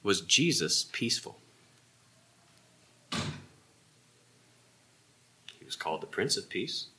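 A man's voice: sits low, big pitch swings, slow pace, bright, forceful tone, slight background noise. A man teaching an evening Bible class, explaining earnestly and emphatically with rhetorical questions.

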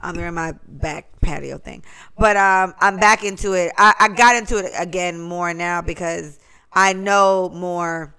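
A woman co-hosting a podcast in casual chat, animated and emotional, swearing freely as she tells stories. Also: on the low side, a little slow, smooth. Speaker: podcast co-host.

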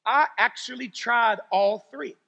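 A man preaching a sermon as pastor, telling stories animatedly, swinging between loud exclamations and low serious tones. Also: a little slow, long reverb tail, dull audio. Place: church sanctuary.

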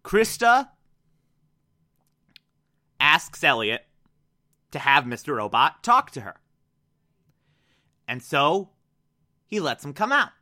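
Excitable man recapping a TV episode. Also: a little high, takes it slowly, pauses often. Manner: excitable, profane, filler-heavy. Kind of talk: casual TV recap.

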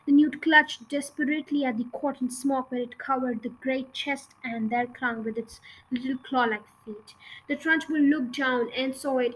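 High-voiced woman reading a children's book. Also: a bit bright, slight background noise, low-quality recording. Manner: reads with occasional slips and restarts. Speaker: audiobook reader. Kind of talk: reading a children's novel aloud.

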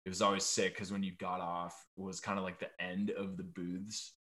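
A man's voice: low voice, flat delivery, moderate pace, fairly bright tone. A young man chatting as a podcast guest over a video call, laid-back and rambling with lots of "like". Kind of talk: casual podcast chat.

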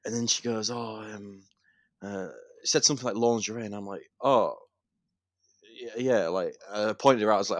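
Young man, very low voice, dry close sound, casual podcast storytelling. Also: moderate pace, dry recording. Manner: animated storytelling, swearing and laughing. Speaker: podcast co-host.

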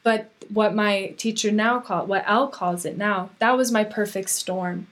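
A woman in her thirties, a podcast guest, talking candidly and earnestly in an animated way. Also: medium pitch, measured pace. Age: 30s. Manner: earnest, animated, acts out quoted voices. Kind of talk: candid conversational interview.

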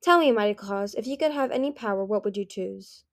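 A woman's voice: mid-range voice, fairly quick, dry recording, studio quality, natural voice. Brief: ancient male dragon, proud and charming, voiced by a woman reader. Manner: proud, easygoing, smooth-talking.

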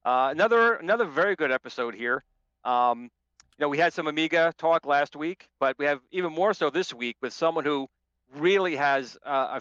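A man's voice: a little high, a bit bright, smooth, no room sound, dull audio. A man co-hosting a podcast in a playful, jokey way while introducing a guest. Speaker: co-host. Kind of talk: casual podcast chat.

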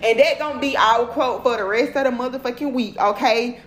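A woman's voice: sits high, expressive, fast talker, few pauses, slight background noise. Blunt cussing woman, echoey room. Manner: blunt, cussing, repeats "period" and "okay". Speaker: motivational livestream host. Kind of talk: casual profane motivational talk.

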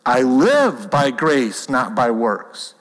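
A man's voice: medium pitch, big pitch swings, slow pace. A man preaching a sermon to a congregation, earnest and conversational, often restarting his sentences. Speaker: pastor. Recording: long hall reverb.

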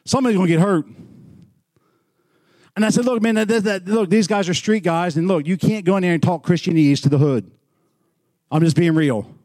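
Pastor guy preaching, pretty high voice, dry close sound, gets loud then goes quiet. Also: brisk, pauses often, no echo. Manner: animated, swings from shouting to hushed. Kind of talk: sermon storytelling.

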